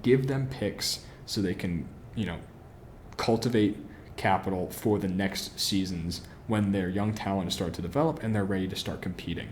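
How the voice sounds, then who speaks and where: A man's voice: deep voice, moderate pace, slight background noise. A man hosting a solo football podcast, giving opinionated analysis, posing questions and answering them himself, with frequent fillers. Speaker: podcast host.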